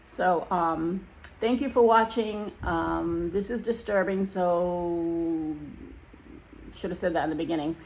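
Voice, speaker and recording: A woman's voice: on the low side, slow, a little mellow. A middle-aged woman vlogging, telling her own painful story in a casual, emotional, rambling way with many restarts. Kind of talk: casual personal storytelling to camera.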